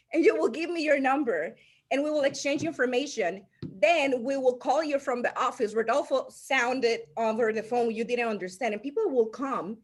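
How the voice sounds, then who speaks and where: A high-pitched woman speaking at a normal speed, a native Spanish speaker with a Spanish accent, tells stories as a podcast guest. She's an animated storyteller who laughs often and restarts mid-sentence in this casual podcast chat.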